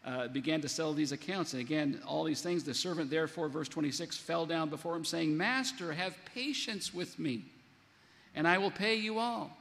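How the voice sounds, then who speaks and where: A man delivers a sermon in a somewhat high voice, animated and acting out the quoted lines. His voice rings with a long reverb, as in a large hall. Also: moderate pace, creaky. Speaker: pastor.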